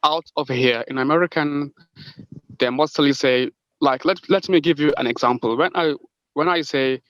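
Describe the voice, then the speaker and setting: A man's voice: fairly high pitch, moderate pace, a bit bright, no echo, highs cut off. Man, student, polite hesitant questions, online class.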